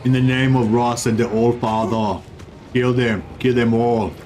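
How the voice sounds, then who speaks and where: A man putting on a battle-hungry male Viking warrior, declaiming slowly. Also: medium pitch, close to an everyday voice. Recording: steady background noise.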